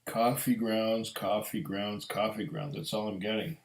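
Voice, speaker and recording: Slow, low-voiced man. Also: level tone, gravelly. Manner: slow, musing, storytelling. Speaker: whiskey reviewer. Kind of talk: casual tasting review. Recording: echoey room.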